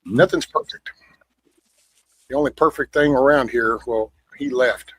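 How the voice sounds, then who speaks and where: A man with a drawl talks loosely, rambling through his points and swearing freely. His voice is husky and breathy, heard dry and close. He comes across blunt and unfiltered. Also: medium pitch, measured pace, fairly bright tone, no echo, rough recording. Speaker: show host. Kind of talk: casual chat.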